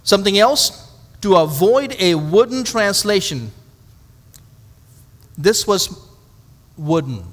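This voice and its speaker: A man's voice: high voice, big pitch swings, takes it slowly, pauses often, long reverb tail. A male pastor teaching a Bible study to a live audience in a conversational way, asking rhetorical questions and adding dry humorous asides.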